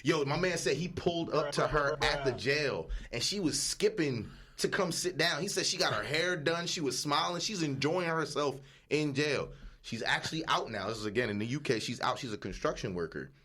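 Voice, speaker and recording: A man co-hosting a podcast in casual chat. He is an animated storyteller who uses heavy slang and cusses. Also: on the high side, moderate pace. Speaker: podcast co-host. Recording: music playing under the talk.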